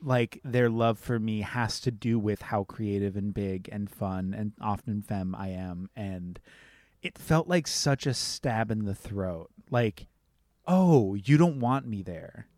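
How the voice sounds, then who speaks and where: Animated young man telling a story. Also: lowish voice, slow pace, dry recording, clean studio sound. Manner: animated, expressive storytelling with swearing. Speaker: podcast co-host. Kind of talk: casual chat.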